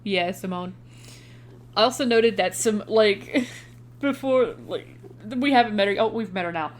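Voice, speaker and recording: Laughing a lot and swearing occasionally, this young podcast co-host casually talks through a movie recap. She speaks in a mid-range voice at a measured pace.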